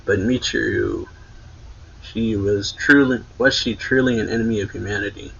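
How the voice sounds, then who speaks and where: A man reading aloud the lines of an anxious, shaken teenage girl assassin in a dull lo-fi recording, in his own low, husky voice. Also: fairly even intonation, moderate pace, a bit bright, heavily acted. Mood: distraught. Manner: read plainly in the narrator's own voice. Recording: dull lo-fi sound.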